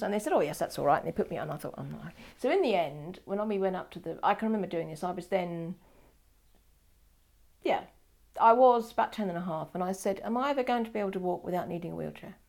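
A woman's voice: medium pitch, lively intonation, brisk, gravelly. An older woman telling her life story in an oral history interview, wry and digressive, often correcting herself mid-sentence.

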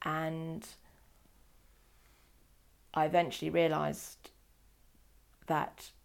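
A woman's voice: deep voice, very slow, gravelly. An older woman telling a personal story in an interview, acting out quoted dialogue. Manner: animated, acts out quoted dialogue.

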